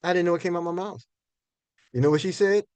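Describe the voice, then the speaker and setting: High-voiced older man telling folksy stories. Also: fast talker, darkish tone, clear, resonant tone, no echo. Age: 60s. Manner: folksy and conversational, repeats and restarts words. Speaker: minister giving a finance talk. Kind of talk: storytelling lecture to an audience.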